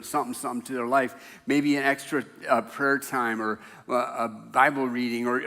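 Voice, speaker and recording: Older male pastor, bright voice, chatty storyteller who laughs at his own jokes; church hall echo. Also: fairly high pitch. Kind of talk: casual conversational sermon. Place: church sanctuary.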